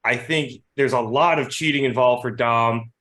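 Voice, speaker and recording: A man co-hosting a casual podcast, animated and quick to laugh, swearing casually. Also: medium pitch. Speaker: podcast co-host. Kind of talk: casual chat.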